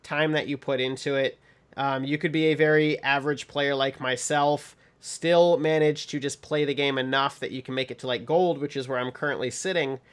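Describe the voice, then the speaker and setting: A man's voice: mid-range voice, steady tone, moderate pace, clear, resonant tone. A man hosting a casual podcast chat about a card game, rambling along with lots of ums. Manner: rambling, many ums, laughs while telling stories. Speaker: podcast host.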